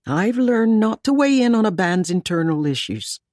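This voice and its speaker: A woman voicing a calm female producer with a lilting Irish accent. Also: mid-range voice, normal speed, no room sound, studio quality, pitched above the performer's own voice, close to an everyday voice.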